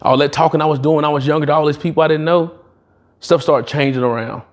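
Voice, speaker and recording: At a sales retreat, a middle-aged motivational speaker with a slightly high voice talks quickly. He tells his stories loosely and with slang, animatedly performing the dialogue in different voices.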